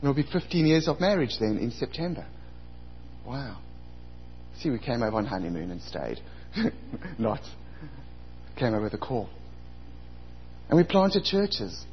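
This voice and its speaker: A man's voice: mid-range voice, very animated, normal speed, pauses often, a little hiss or hum. A man in his forties preaching a sermon as pastor, telling stories and acting out his own past outbursts. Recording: dull lo-fi recording.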